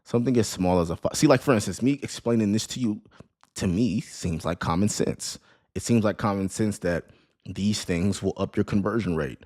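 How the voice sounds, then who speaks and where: A man's voice: fairly low pitch, normal speed, a little mellow. A man giving a casual screen-share lesson on running an online store, talking conversationally with many "right?" tags and restarted words. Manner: conversational, repeats "right?" and "you know what I mean?", restarts words. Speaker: online business course creator.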